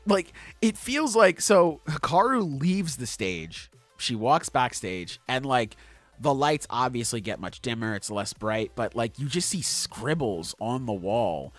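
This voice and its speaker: Dry-sounding excited podcast host, man. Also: medium pitch, dry recording. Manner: enthusiastic, swears freely. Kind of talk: casual chat.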